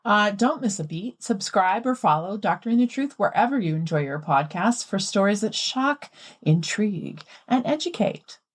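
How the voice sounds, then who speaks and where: A woman hosting a podcast in a casual, chatty way, animated and quick to laugh. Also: mid-range voice. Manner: animated and giggly. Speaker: podcast host.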